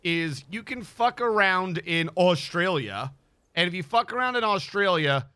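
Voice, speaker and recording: A man's voice: high voice, lively intonation, measured pace, pushed and bright, smooth. A man streaming, chatting casually and rambling, swearing freely as he tells stories. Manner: rambling, swears freely, acts out dialogue in anecdotes.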